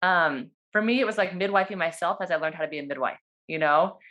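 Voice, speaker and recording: Woman, doula, fast and animated storyteller on a video call, casual and excited. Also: lowish voice, dull audio. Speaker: doula and birth worker.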